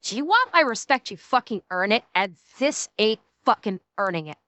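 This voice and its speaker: A woman's voice: mid-range voice, very animated, moderate pace, pushed and bright, no echo. A woman streamer in a heated, profane live reaction rant, talking into a desk microphone. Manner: angry, profane, heated ranting.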